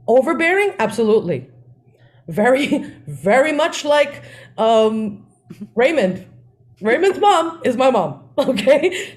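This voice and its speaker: A woman, co-hosting a podcast and telling family stories in a lively way, often laughing. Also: a little high. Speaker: podcast co-host. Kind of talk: casual storytelling.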